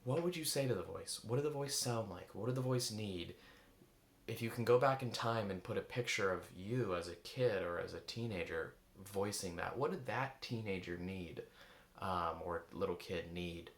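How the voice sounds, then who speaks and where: A man with a lowish voice, speaking at a moderate pace in a roomy-sounding space, gives a reflective talk as an eating coach. He searches for words and poses many rhetorical questions.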